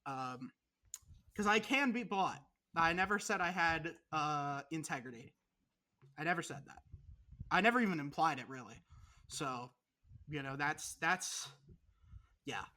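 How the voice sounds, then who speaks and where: A woman's voice: sits low, expressive, measured pace, long pauses, pushed and bright. Sarcastic, foul-mouthed young woman. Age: young adult. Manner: profane, sarcastic teasing. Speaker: podcast co-host. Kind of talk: casual chat.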